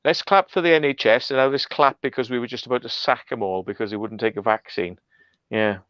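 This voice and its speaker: A man's voice: medium pitch, brisk, a bit bright, no room sound, highs cut off. A man hosting a casual chat over an online call, blunt and ranting with lots of swearing. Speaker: host.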